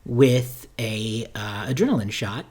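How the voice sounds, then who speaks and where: A man's voice: mid-range voice, slow pace, darkish tone. Man recapping a movie plot. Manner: recaps the plot, corrects himself mid-sentence. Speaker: podcast co-host.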